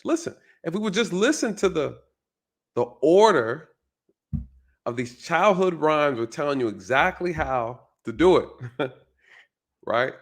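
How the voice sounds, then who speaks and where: A man's voice: on the high side, big pitch swings, a little slow, long pauses. A male channel host giving a casual, reflective commentary monologue, often repeating his phrases and checking in with "right?".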